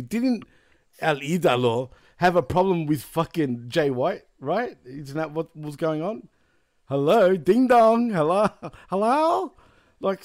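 A man's voice: a little high, darkish tone, no echo, studio quality. A male host recapping events in casual chat, laughing often.

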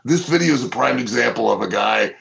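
A middle-aged man co-hosting a casual wrestling podcast, telling stories in an animated way and acting out what people said. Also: medium pitch, fairly quick, vocal fry, rough recording. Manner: animated storyteller, acts out quotes. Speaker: co-host.

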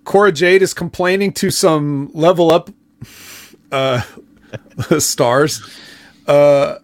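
A man's voice: fairly high pitch, takes it slowly. A man co-hosting a wrestling review podcast, recapping events in a laid-back way with fillers. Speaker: podcast co-host.

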